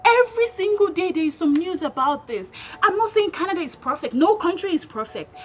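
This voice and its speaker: Very high-voiced woman vlogging. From Nigeria. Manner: emphatic, full of rhetorical questions. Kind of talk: opinionated vlog commentary. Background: background music.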